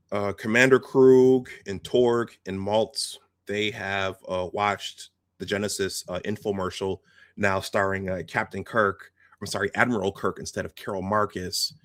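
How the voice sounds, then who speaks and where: A man's voice: fairly low pitch, fairly even intonation, a little slow, dry recording. A man hosting a video, casually recounting film scenes step by step and quoting the lines as he goes. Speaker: host.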